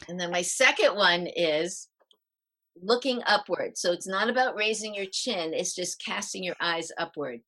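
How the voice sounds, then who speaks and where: A middle-aged woman, a parenting coach, explaining calming techniques as a podcast guest in a lively way and acting out the steps. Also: on the low side, moderate pace. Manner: lively, demonstrating exercises as she explains.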